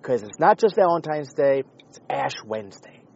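A man hosting a podcast, talking in a rambling, sarcastic, profane comedic monologue with a husky voice. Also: medium pitch, very animated, moderate pace, darkish tone, lo-fi sound. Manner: rambling, sarcastic, swears often. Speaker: podcast host.

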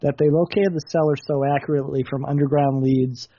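A man's voice: a little high, steady tone, fairly quick, mellow. A man hosting a comedy show, reading news stories in a matter-of-fact way with occasional stumbles. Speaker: host. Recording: dull lo-fi recording, dry.

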